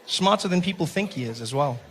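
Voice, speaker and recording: A male stand-up comedian tells a story live on a theatre stage into a handheld mic. He talks in a fairly high voice and slips in and out of characters and his own inner monologue. Audience noise sits clearly underneath. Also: animated, brisk, fairly bright tone.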